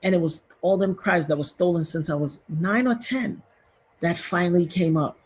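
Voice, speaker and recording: A woman's voice: fairly low pitch, normal speed, a little mellow, slight background noise. A woman in her fifties hosting a casual livestream, telling a personal story in an emotional, repetitive way and talking straight to her viewers. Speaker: livestream host.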